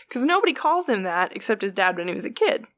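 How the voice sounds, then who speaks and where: A woman retelling stories in a loose, chatty way, swearing freely and padding her sentences with fillers. Her voice sits at a middle pitch, and she moves at an ordinary pace. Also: sing-song, a little fast, fairly bright tone. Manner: chatty, profane, heavy on fillers. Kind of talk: casual storytelling.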